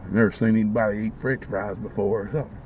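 Talking fast in a lowish, steady voice, a man films a casual eating vlog, relishing every bite and talking through mouthfuls of food. The lo-fi recording sounds dull and carries slight background noise.

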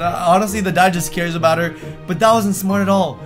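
A man's voice: sits high, fairly even intonation, brisk, soft background music. A young man hosting a reaction video, reading texts aloud and commenting sarcastically. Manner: sarcastic, reads texts aloud in put-on voices.

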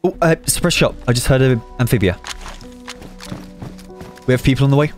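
A man hosting a gaming channel, narrating and chatting with teammates, excitable and nervous. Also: medium pitch, soft background music. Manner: excitable, nervous, quick reactions. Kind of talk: gameplay voice chat and narration.

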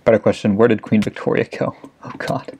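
A man's voice: fairly low pitch, steady tone, brisk, darkish tone, slight background noise. A young man giving frantic, swear-filled commentary while playing a video game. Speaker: let's play gamer. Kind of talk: casual gameplay commentary.

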